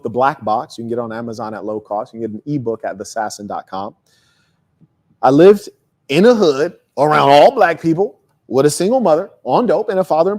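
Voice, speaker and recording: A man hosting a casual motivational monologue, talking bluntly and profanely with animated storytelling. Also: fairly high pitch. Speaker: host.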